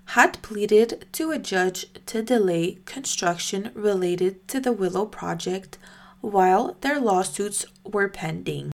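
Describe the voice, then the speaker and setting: A woman hosting a news podcast, reading a scripted recap of recent stories in a measured, careful way. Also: mid-range voice.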